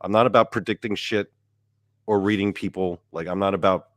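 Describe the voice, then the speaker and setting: A young man telling a story in casual chat with a friend, animated and swearing freely. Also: low-pitched, fairly quick, no echo, studio quality. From Baltimore–Washington area, US. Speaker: podcast co-host.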